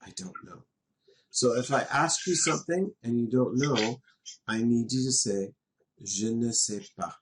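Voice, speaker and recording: A man's voice: medium pitch, measured pace, a little hiss or hum. A middle-aged man from western Canada teaching a class, patient and chatty, laughing now and then as he explains. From Canada, West Coast. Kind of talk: classroom lesson in a virtual world.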